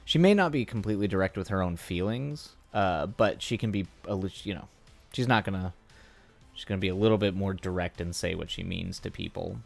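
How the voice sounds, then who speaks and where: A man's voice: low-pitched, a little fast, creaky, soft background music. A man streaming live, thinking aloud and musing with rambling asides while he writes a script. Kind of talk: casual live-stream writing session.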